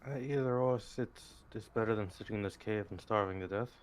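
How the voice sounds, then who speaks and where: A man's voice: on the low side, fast, clear, resonant tone. A man playing a tabletop game, hesitant, groaning and swearing now and then. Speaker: player. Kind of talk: casual chat at a tabletop game.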